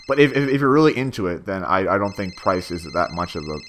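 Low-voiced young man rambling through commentary. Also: expressive, fast, a crowd in the background. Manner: rambling, stammering, frequent fillers and profanity. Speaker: machinima director giving commentary. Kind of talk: casual director's commentary.

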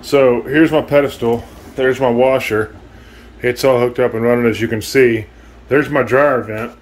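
A man's voice: mid-range voice, steady tone, normal speed, poor audio. A man filming a casual vlog at home, rambling and swearing as he talks to the viewer. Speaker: vlogger. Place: at home, indoors.

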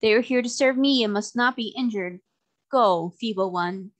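A woman voicing an ancient, cruel male sea magician who speaks softly and sweetly with mockery, in a storybook reading. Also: a little high, normal speed, lightly acted. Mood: commanding. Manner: sweet-voiced and mocking.

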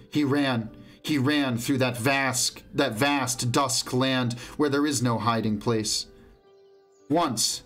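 A man narrating a fantasy novel as an audiobook reader, measured and slowing down for tense moments, on an omnidirectional mic. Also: medium pitch.

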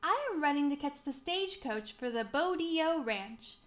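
A woman voicing a friendly, seasoned cowboy man in a storybook reading, steady and gently instructive. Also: sits high, moderate pace, voice pushed up.

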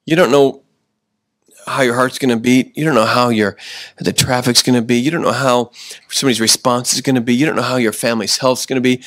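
A man's voice: medium pitch, steady tone, a bit bright. Guy pastor preaching, middle voice, stops and restarts a lot, dry no-echo sound. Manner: slows down for emphasis, restarts often, chuckles. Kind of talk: sermon. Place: church.

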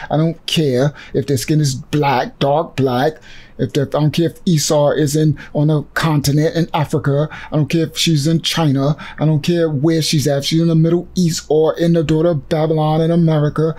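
With a fairly high, mellow voice, a ministry leader responds to a clip he has just seen. He preaches fervently, his religious commentary agitated and full of emotion.

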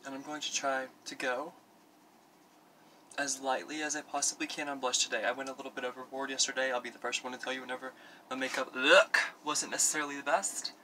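A man's voice: mid-range voice, level tone, fast talker, pushed and bright, a little hiss or hum. A young man hosting a parody makeup tutorial at home, rambling with lots of fillers and camp asides to himself. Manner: rambling, filler-heavy, camp self-talk. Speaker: makeup vlogger. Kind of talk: parody beauty tutorial chat. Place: at home doing his makeup.

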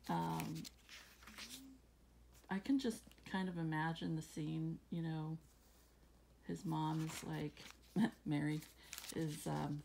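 A woman reading scripture aloud at home, then musing about it casually with fillers and soft laughs. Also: low voice, steady tone, slow, gravelly, pauses often, slight background noise. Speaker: Bible reading channel host. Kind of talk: casual Bible reading and reflection.

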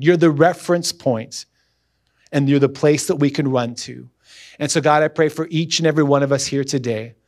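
A man's voice: medium pitch, darkish tone. Earnest man preaching a sermon. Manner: earnest, emphatic preaching with repeated phrases. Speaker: guest pastor. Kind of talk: sermon and closing prayer.

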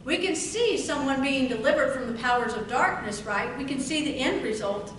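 High-voiced woman preaching fervently in an echoey hall. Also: expressive. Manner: fervent, drawn-out emphatic scripture reading. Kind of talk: sermon. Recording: echoey room from far off, noisy.

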